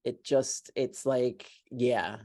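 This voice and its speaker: A woman with an unusually deep voice hosts a podcast in relaxed conversation. Her humor is dry and deadpan, delivered offhandedly. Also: extremely slow. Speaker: podcast host. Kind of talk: casual chat.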